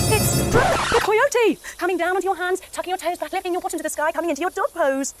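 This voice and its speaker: A woman narrating an animated yoga adventure for children, with gasps, sound effects and pose instructions. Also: high-pitched, slight background noise. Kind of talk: kids yoga story narration.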